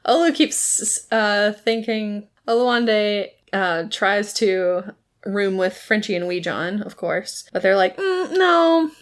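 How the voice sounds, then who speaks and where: A woman casually recapping a TV episode, laughing often and acting out characters' lines in quick asides. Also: mid-range voice, steady tone.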